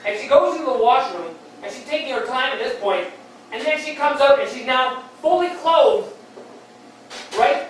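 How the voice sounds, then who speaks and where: A man doing stand-up storytelling on stage, rambling and halting, with many fillers and restarts. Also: very high-pitched, animated. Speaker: stand-up comic. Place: beer hall comedy stage. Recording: very echoey hall, distant mic, faint noise.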